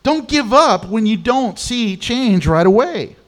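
A man preaching a sermon, telling stories with animated quoted voices. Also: high voice, measured pace. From Mexican. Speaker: pastor.

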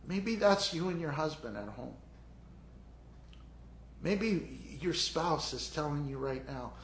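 A pastor preaches a sermon in a chatty, animated way, often slipping into little acted scenes. His voice sits high for a man. It rings through an echoey church room. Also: slow pace, long pauses, slight background noise. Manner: animated, conversational, acts out scenes.

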